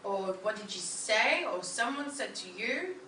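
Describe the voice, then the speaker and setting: A woman's voice: mid-range voice, expressive, a little slow, pushed and bright. A woman coaching a group through a workshop lesson, upbeat and encouraging, often turning questions to the room. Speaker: wellness coach leading a workshop. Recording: roomy, from a distance, faint background hum.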